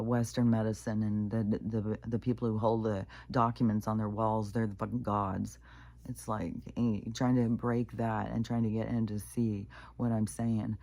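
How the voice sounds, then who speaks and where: A woman vlogging a casual, profane rant, often pausing to clear her throat. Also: extremely low pitch, dark tone, no room sound. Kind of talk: casual venting monologue.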